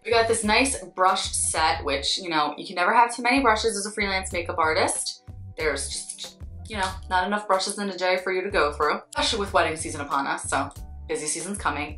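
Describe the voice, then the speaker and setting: A woman's voice: mid-range voice, fairly bright tone. A young woman, a beauty vlogger and makeup artist, chatting candidly with wry asides as she unboxes products. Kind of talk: casual unboxing chat. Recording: roomy echo, faint background music.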